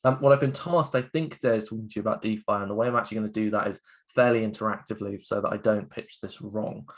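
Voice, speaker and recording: A man's voice: on the low side, fairly even intonation, quick pace. A man giving an interactive online talk as a guest speaker, chatty and upbeat with many fillers, heard over a video call. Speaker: guest speaker, education co-founder.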